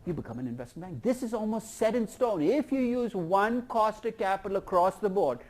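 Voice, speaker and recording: A man lecturing a university class, lively and putting questions to the students. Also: sits high, brisk. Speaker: professor.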